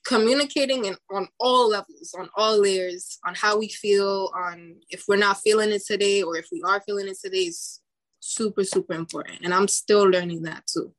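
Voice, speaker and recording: A woman's voice: mid-range voice, fairly even intonation, normal speed. A young woman in casual podcast chat, talking in an earnest, reflective way with many likes and restarts. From Dominican heritage.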